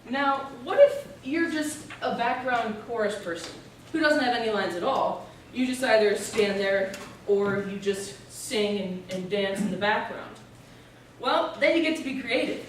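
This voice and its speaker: A woman's voice: on the high side, recorded from a distance, slight background noise. Young woman in an echoey room. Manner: explanatory, steady, with occasional filler pauses. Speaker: student presenter. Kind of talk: informative speech.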